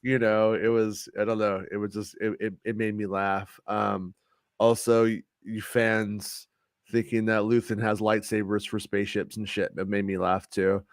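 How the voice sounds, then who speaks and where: A man's voice: fairly low pitch, level tone, normal speed, no room sound. A man hosting a podcast in loose, casual chat, swearing freely and laughing easily. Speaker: podcast host.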